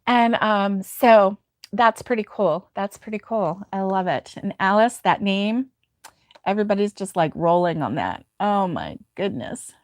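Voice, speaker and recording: Woman host, unhurried and chatty, dry close sound, laughs easily. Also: mid-range voice, expressive, no echo. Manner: chatty, rambling, laughs often. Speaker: crochet livestream host. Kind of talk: casual chat reading viewer comments.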